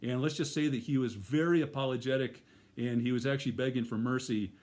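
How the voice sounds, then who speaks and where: Guy doing a matter-of-fact cop, plain talk, low-key. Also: fairly quick, a little mellow, lightly acted. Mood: apologetic. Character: matter-of-fact male police officer.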